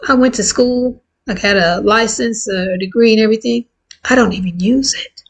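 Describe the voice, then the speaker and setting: A woman in her fifties talking candidly and warmly to her viewers in a casual, heartfelt vlog. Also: a little high, moderate pace, rough recording. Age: 50s. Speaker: vlogger. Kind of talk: casual chat to camera.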